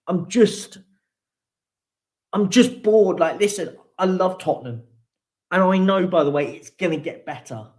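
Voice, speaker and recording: A young man vents on a live football fan show, his voice sitting a little higher than most men's. He hammers the same points again and again, fed up and wound up, and breaks off to sigh between bursts of anger. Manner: frustrated, venting, repetitive emphasis. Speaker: football fan channel host. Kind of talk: live post-match reaction rant.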